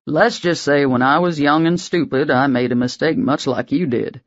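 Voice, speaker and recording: A woman doing a gruff old grandpa. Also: sits low, moderate pace, dull audio, close to an everyday voice. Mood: gruff advice. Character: gruff old Southern grandfather, blunt but kind.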